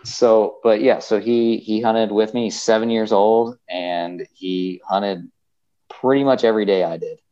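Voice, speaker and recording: A man's voice: fairly low pitch, steady tone, measured pace, dark tone, dull audio. A young man chatting casually as a podcast guest, rambling and emotional, full of fillers and restarts. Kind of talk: casual chat.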